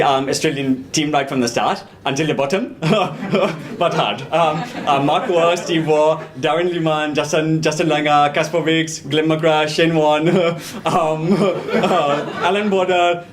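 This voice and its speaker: A man's voice: fairly high pitch, natural voice. An actor playing a reminiscing man from India, rambling with many ums and restarts on a small live stage. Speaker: stage actor in verbatim theatre.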